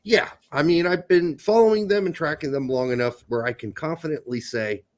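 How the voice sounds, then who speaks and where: A man's voice: fairly high pitch, fairly quick. A man co-hosting a casual sports podcast, blunt, opinionated and joking, with frequent swearing. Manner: blunt, profane, opinionated, jokey. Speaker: podcast co-host.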